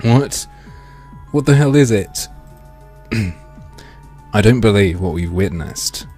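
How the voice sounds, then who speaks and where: A man streaming a video game, reading its text aloud in a mock-dramatic way with sardonic, swearing asides, his throat strained and often cleared. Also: fairly low pitch, animated, takes it slowly, mellow, faint music behind. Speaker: gaming streamer.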